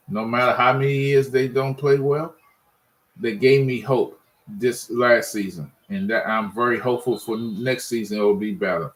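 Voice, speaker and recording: Casting: man, mid pitch, fed-up fan ranting, rambling with restarts. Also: steady tone, normal speed, poor audio. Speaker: sports fan vlogger. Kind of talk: casual ranting monologue.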